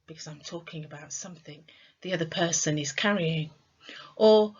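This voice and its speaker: A woman teaching an online lesson, speaking slowly and clearly and quizzing her students. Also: on the low side, sharp tone, muffled recording. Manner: slow, clear teacher's delivery with quizzing questions. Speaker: English tutor.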